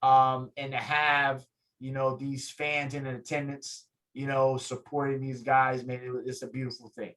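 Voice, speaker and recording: A man, a guest on an interview show, telling a story with lively energy and acting out what others said. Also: a little slow, poor audio. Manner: lively, acts out quotes, swings pitch up in excitement. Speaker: guest, photographer and fighter. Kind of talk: animated storytelling in casual interview.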